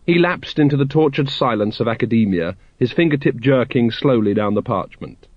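Man narrating with a lively, wry voice. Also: medium pitch, fairly quick, hardly any pauses, dry recording, dull audio. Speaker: audiobook narrator. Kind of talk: storytelling narration.

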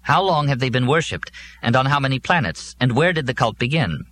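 A man's voice: mid-range voice, expressive, a little fast, fairly bright tone, slight background noise, voice pushed up, lightly acted. A man voicing a curious man who asks probing questions.

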